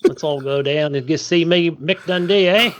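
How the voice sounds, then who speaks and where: A man's voice: fairly high pitch, normal speed, muffled recording, lightly acted. A man doing a jokey impression of a boastful Australian bushman, in a mock Australian accent.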